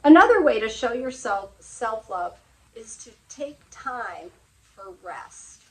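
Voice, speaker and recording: A woman's voice: on the high side, big pitch swings, slow pace, slight background noise, poor audio. A middle-aged woman hosting a motivational talk, speaking earnestly and sharing personal stories in a confiding way. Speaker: host.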